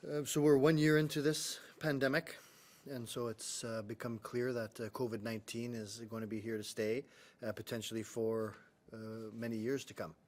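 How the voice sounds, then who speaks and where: A man's voice: mid-range voice, steady tone, normal speed. A man, a public health official, giving a matter-of-fact press briefing update with frequent "uh" fillers. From Canada.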